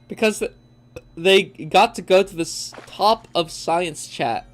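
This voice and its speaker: A young adult gaming streamer with a medium-pitched voice and measured pace banters with friends during a live session. The talk is joking and casual, full of laughter and free swearing.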